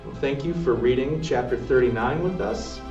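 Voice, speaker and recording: A man reads a children's novel aloud in a steady, plain voice of middle pitch. The sound is roomy and echoing, picked up from some distance. The recording is dull and lo-fi. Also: normal speed, music in the background. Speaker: storybook reader, air force sergeant.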